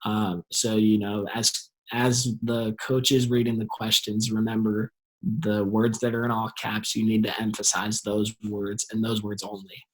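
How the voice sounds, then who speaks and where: A man's voice: on the low side, flat delivery, measured pace, rough recording. A man who used to be a quizzer, a guest in a casual chat, speaking hesitantly with many fillers.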